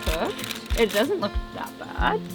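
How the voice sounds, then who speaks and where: A woman's voice: a little high, huge pitch swings, slow, music in the background. A woman hosting a family vlog, chatting casually as she cooks treats over a campfire outdoors. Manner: chatty, explains steps while cooking. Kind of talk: casual cooking demonstration.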